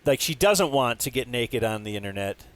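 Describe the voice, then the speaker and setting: A man's voice: medium pitch, lively intonation, normal speed. A man hosting a casual comedy podcast, making sarcastic jabs and asking teasing questions. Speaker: podcast host.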